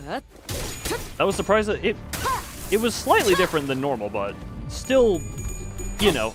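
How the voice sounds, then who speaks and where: Excitable man streaming a game. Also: a little high, normal speed, pauses often, over music. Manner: excitable, reads game text aloud in voices and reacts loudly. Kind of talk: live game stream, reading along.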